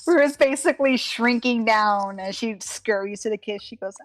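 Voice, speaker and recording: A woman's voice: a little high, moderate pace, dry recording. A woman playing a tabletop game, playfully describing what her character does. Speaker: player. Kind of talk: casual tabletop role-play narration.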